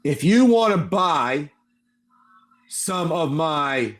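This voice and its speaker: A man's voice: fairly high pitch, expressive, drawn-out words. A man voicing a ghoulish male doctor in the wasteland who haggles in a chummy, salesman-like way during a tabletop game. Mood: friendly.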